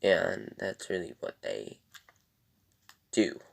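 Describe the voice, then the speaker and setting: A man's voice: low-pitched, big pitch swings, slow, gravelly, slight background noise. A young man giving a casual TV episode review in a rambling, loose way, with many ums and corrections.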